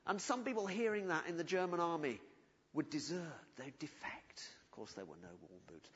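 A man's voice: fairly high pitch, animated, moderate pace, husky. Earnest preacher man in a reverberant hall. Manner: earnest, pleading, shifts to soft and quiet. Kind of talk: sermon. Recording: dull audio with long hall reverb.

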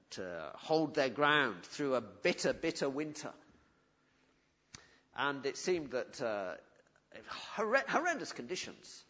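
A man preaching a sermon in earnest, pleading tones, often dropping to a soft, quiet voice. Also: medium pitch. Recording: dull audio with long hall reverb.

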